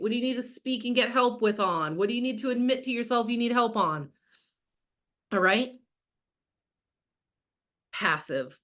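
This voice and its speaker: A woman coaching a live online masterclass in a blunt, chatty way. She swears freely and fills her sentences with casual asides. Her voice sits at an ordinary middle pitch. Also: a bit bright. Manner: casual, chatty, heavy with fillers like "like". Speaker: business coach. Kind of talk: live online masterclass, answering chat comments.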